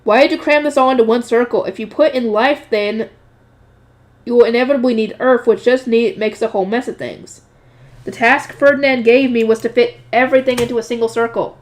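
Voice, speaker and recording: A woman's voice: a little high, steady tone, a little fast, lightly acted. A woman voicing a blunt, exasperated female noble researcher in a read-aloud novel, with a dry lecturing manner.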